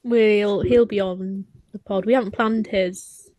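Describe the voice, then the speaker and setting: A woman's voice: mid-range voice, fairly even intonation, unhurried, darkish tone, dry recording, lo-fi sound. A woman co-hosting a casual podcast, asking questions and laughing often. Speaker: podcast co-host.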